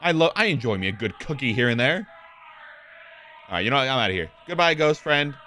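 Excitable, foul-mouthed gamer guy. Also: medium pitch, brisk, slight background noise. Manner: excitable, profane, reads game text aloud. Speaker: streamer. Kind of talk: casual gameplay commentary.

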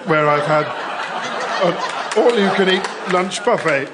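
A man's voice: high voice, a little slow, very noisy. An actor with a British accent playing a hapless male teacher who hesitates, mumbles and ad-libs through a school play. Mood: muddled. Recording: studio audience laughter behind. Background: live audience laughter.

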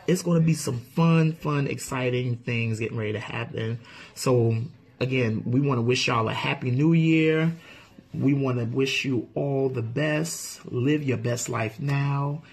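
A congested man co-hosting a channel, giving viewers a casual new-year message in a slow, drawn-out, excitable way. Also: medium pitch, vocal fry, slightly rough. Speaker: channel co-host.

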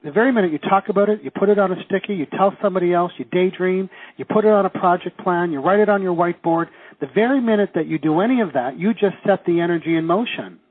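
Seminar teacher, man from Canada, middle-aged; lively and quizzing, husky tone, phone-thin sound. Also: high voice, fast talker, hardly any pauses, dry recording. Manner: lively, asks the class questions, acts out quoted reactions. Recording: tinny phone-like audio.

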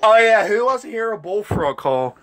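A man's voice: high voice, big pitch swings, normal speed, fairly bright tone. A teenage boy chatting casually and joking with friends on a gaming call, laughing often. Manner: giggly, joking, playful. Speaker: vlogger on a call.

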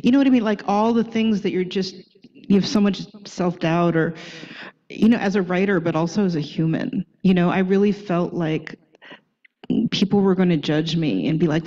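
A woman's voice: lowish voice, warm tone, highs cut off. A woman in her sixties, an author, speaking candidly at a book talk and often restarting her sentences. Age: 60s. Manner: candid, halting, with frequent restarts.

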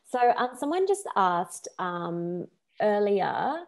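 A woman's voice: mid-range voice, sing-song, takes it slowly, vocal fry, a little mellow. A woman, a money coach, presenting a finance talk in a chatty, loose way with fillers.

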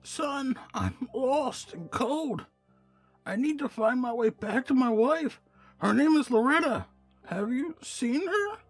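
A man voicing a frail, lost old ghostly man with a high, shaky, quavering voice and a slow, faint, pleading way of speaking. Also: lively intonation, slightly rough, soft background music, exaggerated voice.

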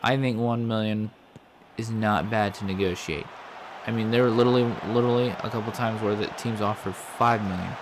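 Male let's-play host, low-ish voice, irritated, rambling, curses constantly, background hiss on the track. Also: steady tone, fairly quick. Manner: frustrated, swears a lot, rambling. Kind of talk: casual gameplay commentary. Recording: audible background noise.

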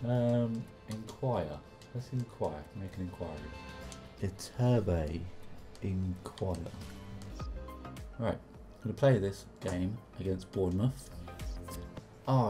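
A young man swearing and reacting excitedly while commentating his own football video game, with game music behind him. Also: lowish voice. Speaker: gaming commentator. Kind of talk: casual gameplay commentary.

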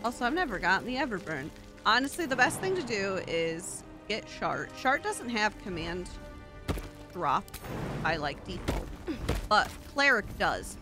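A woman's voice: medium pitch, very animated, measured pace. A woman streamer giving casual gameplay commentary, blunt and crude with jokes. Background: game music.

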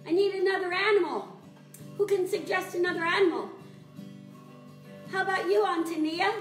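A woman teaching children's music in a live-streamed sing-along, animated and chatty, greeting viewers by name. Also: very high-pitched, normal speed, long pauses, reverberant.

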